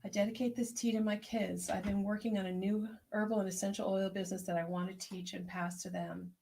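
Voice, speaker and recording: A woman herbalist hosting an online tea circle, speaking in a gentle, unhurried, prayerful way as she reflects and reads out messages. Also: medium pitch, level tone, gravelly. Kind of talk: reflective spoken meditation and chat reading.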